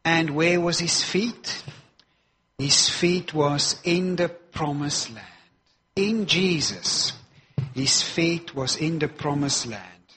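A man's voice: a little high, slow, pushed and bright. A man preaching a sermon, stressing and repeating key phrases for weight.

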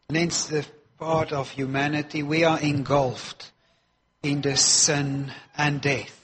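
A man's voice: fairly high pitch, a bit bright, a little hiss or hum. A man preaching a sermon, stressing and repeating key phrases for weight.

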